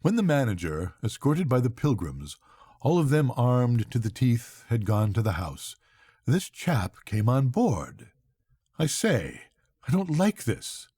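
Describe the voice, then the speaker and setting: An older man, a grandfather, reading a classic novel aloud to his grandchildren at bedtime in an unhurried, expressive way. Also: medium pitch, husky, dry recording, studio quality.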